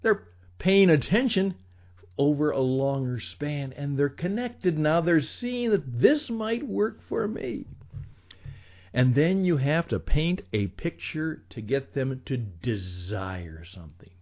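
A man teaching sales on his radio show, his voice rising and falling with lively swings in pitch. He speaks slowly and emphatically, sometimes dropping to a whisper. The recording sounds slightly dull and lo-fi. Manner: emphatic, with dramatic drops to whispers. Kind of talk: animated instructional talk.

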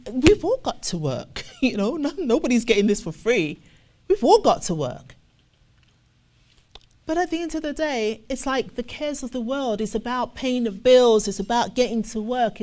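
A woman preaching in a lively, expressive way, her voice sitting a little higher than most. She reads scripture slowly and with weight, then breaks into animated impressions of the people she is talking about. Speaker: ministry officer teaching scripture. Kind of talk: sermon-style Bible teaching.

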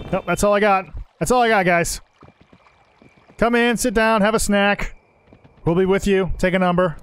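A young man giving joking, animated commentary while playing a game, swearing and talking to the characters. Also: high-pitched, moderate pace, long pauses, a little hiss or hum. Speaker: gaming channel host. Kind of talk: casual gameplay commentary.

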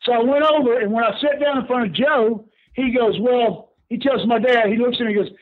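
A man's voice: very high voice, a little fast, hardly any pauses. An older man, a guest telling stories casually over the phone, acting out the people he quotes and laughing often. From Houston, Texas. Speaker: guest, former pro wrestler. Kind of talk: casual storytelling. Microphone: phone call. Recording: tinny phone line.

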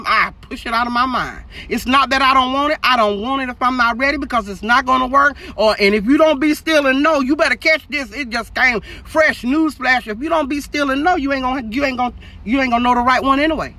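A woman's voice: high voice, sharp tone. A middle-aged woman preaching an encouraging sermon on a phone livestream from a parked car, emphatic and calling out to her viewers.

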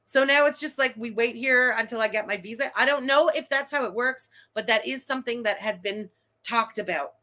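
A woman's voice: a little high, brisk, pushed and bright. A woman hosting a commentary stream, reacting to a livestream with blunt, sarcastic, foul-mouthed remarks. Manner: blunt, sarcastic, swears freely. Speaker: commentary channel host.

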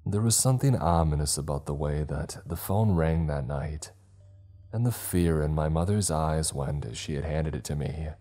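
A man narrating a scripted horror story in a slow, ominous manner. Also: rumbling low, warm tone, faint music behind.

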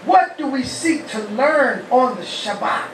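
High-voiced New rabbi preaching. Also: male voice, animated, measured pace, a little hiss or hum. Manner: asks the congregation questions and shouts praise. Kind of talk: lively call-and-response sermon. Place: humid, warm house of worship. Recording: echoey hall, mic far off.

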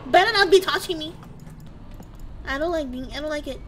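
A woman's voice: high-pitched, brisk, pushed and bright, a little hiss or hum. A young woman streaming a horror game, reacting with jumpy shrieks, swearing and teasing banter. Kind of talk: casual live gameplay commentary.

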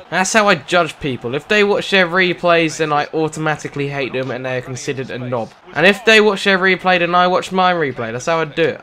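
A young British man with a high-sitting voice commentates on a football video game as a gaming commentator. He's excitable and sarcastic, shouting whenever a goal goes in.

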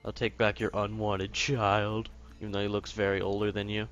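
A man with a gravelly, fry-laden voice talks casually through a card game, thinking aloud and hedging with fillers. He sits low in his range and keeps it loose and unpolished. Faint game music plays under his voice. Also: flat delivery, normal speed, fairly bright tone, muffled recording. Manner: thinking aloud, hesitant, apologetic. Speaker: gaming channel host. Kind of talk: casual gameplay commentary. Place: home room.

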